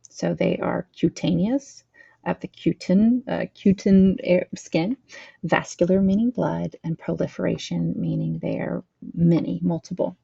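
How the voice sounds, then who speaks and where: A woman instructor teaches a training lesson, reading slides aloud with a slight lisp, stumbling over terms, correcting herself, and adding plain explanations. Her lowish voice is mellow and husky with vocal fry, and the recording sounds lo-fi with no echo.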